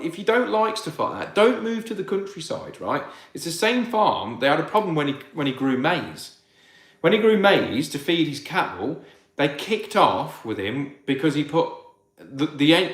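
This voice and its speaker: A man's voice: fairly high pitch, reverberant. A man, a farmer answering viewer questions in casual livestream chat. He rambles with many restarts and rants when something irks him.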